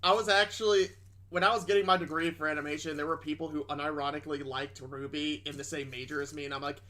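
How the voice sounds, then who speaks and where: A man's voice: on the high side, steady tone, fast talker, bright, forceful tone. A young man streaming games, chatting casually in a blunt, sarcastic way. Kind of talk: casual chat.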